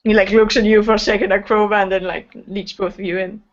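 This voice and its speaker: A woman's voice: medium pitch, little pitch movement, fast talker. A woman narrating as game master of a tabletop game, hesitant and full of fillers. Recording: dull lo-fi sound.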